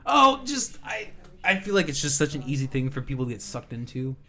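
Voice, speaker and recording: A man's voice: mid-range voice, big pitch swings, fairly quick, bright, forceful tone. A young man hosting a casual podcast chat, laid-back and swearing freely. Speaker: podcast host.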